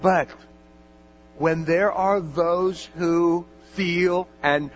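A man's voice: sits high, fairly even intonation, extremely slow, soft background music. A male pastor preaching a sermon in an earnest manner, building up to fervent exhortation and prayer. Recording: dull lo-fi with mains hum.

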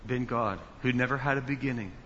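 A man preaching a sermon as pastor, slow and emphatic, building to loud stressed words. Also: medium pitch, steady tone, a little hiss or hum. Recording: dull sound with long hall reverb.

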